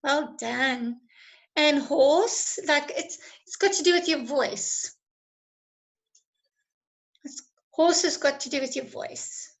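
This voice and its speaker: A woman teacher giving an online lesson, encouraging and praising students, her voice going a little hoarse from talking a lot. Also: high-pitched, slow pace, pauses often, rough recording. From South Africa. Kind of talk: online lesson with live chat.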